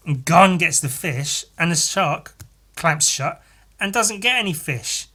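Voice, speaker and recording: A man hosting a casual solo podcast, swearing freely and telling a story panel by panel in an animated way. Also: a little high, moderate pace. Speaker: podcast host.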